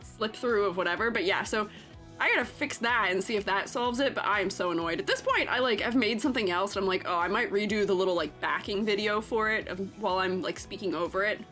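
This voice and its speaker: A woman's voice: medium pitch, fast talker, fairly bright tone, soft background music. A woman streaming and chatting casually, rambling with lots of fillers and frequent giggles. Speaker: streamer and art teacher. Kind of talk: casual live-stream chat.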